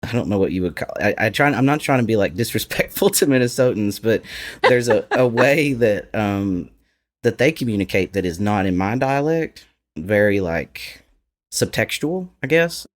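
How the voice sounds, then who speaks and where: Deep-voiced Appalachian man, candid and reflective. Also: lively intonation, normal speed. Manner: candid, reflective, laughs often. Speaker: guest. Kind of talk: casual podcast conversation.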